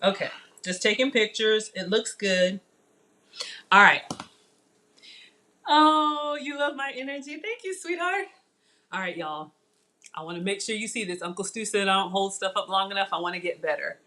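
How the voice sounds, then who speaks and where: A middle-aged woman runs a casual live-stream cooking demo from her home kitchen. She is chatty and excitable and keeps calling out to her viewers while she works. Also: mid-range voice, fairly quick. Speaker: cooking show host.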